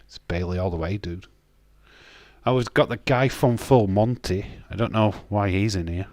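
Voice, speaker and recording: On a live stream, a man with a lowish, darkish voice and a Yorkshire accent talks at a normal speed with no echo. He hails from Castleford, Yorkshire, England, and his chat is blunt and casual, full of swearing and restarted sentences. He's reading viewer comments during a watch-along.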